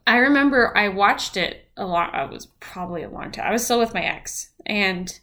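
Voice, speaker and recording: A woman's voice: medium pitch, expressive, moderate pace, bright, forceful tone. Young woman in heartfelt casual chat. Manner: heartfelt, tearful at times, many fillers. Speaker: podcast co-host.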